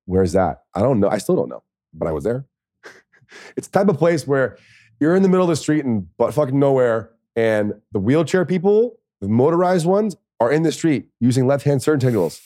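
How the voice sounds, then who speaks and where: A man's voice: medium pitch, very animated, normal speed, warm tone, no room sound, clean studio sound. A man, a former pro football player, telling a story in a rambling, profane way and laughing often. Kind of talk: casual storytelling.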